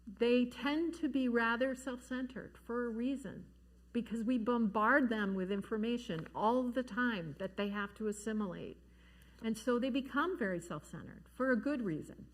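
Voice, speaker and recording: A woman giving an earnest, gentle talk to parents about grief at a church forum, slowing down to stress key words. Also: fairly high pitch. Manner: gentle, earnest, slows down for emphasis. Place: church hall.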